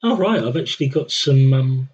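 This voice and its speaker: A man's voice: mid-range voice, animated, normal speed, darkish tone, lo-fi sound, a little hiss or hum. A man streaming a strategy game, talking to himself in a wry, rambling, self-mocking way. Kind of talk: rambling live-stream commentary.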